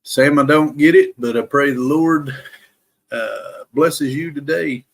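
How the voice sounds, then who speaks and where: A man with a higher-leaning voice and some vocal fry hosts a daily Bible live stream. He reads the scripture aloud at a slow, deliberate pace, pronouncing each word carefully, and chats casually with viewers in between.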